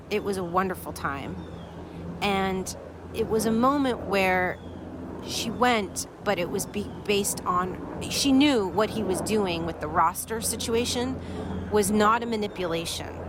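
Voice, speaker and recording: A woman's voice: mid-range voice, noisy background. A woman hosting a podcast, telling a story and acting out what each person said. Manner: animated storytelling, acting out quoted dialogue. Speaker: podcast host. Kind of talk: storytelling to listeners.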